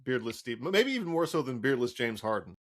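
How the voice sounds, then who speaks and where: A man co-hosting a basketball podcast, telling stories in a rambling, animated way with lots of fillers. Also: medium pitch, a little fast. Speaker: podcast co-host. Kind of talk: casual chat.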